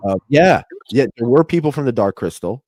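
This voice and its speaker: A man's voice: mid-range voice, lively intonation, fairly quick, darkish tone, dry recording, studio quality. A man hosting a casual interview chat over a video call, gushing with thanks and enthusiasm. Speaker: podcast host.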